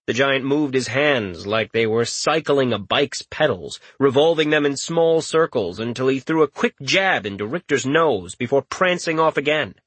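A man's voice: medium pitch, fairly bright tone, no room sound. A man narrating a fantasy story as an audiobook, telling it steadily and swearing freely in the prose, on a close mic.

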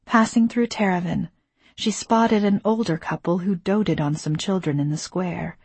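A woman narrating a novel in the first person, measured and intimate, on a close studio mic. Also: fairly low pitch, darkish tone, slightly rough, no room sound. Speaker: audiobook narrator.

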